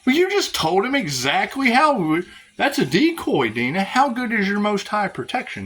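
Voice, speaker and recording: Sarcastic, animated man with a drawl. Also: high-pitched, normal speed, slight background noise. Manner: sarcastic, swears, laughs often, repeats phrases. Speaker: spiritual vlogger. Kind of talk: rambling monologue to viewers.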